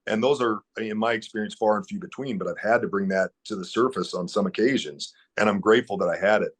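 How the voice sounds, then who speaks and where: Low husky guy on a podcast, talks fast, blunt and earnest, swears casually. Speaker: podcast guest.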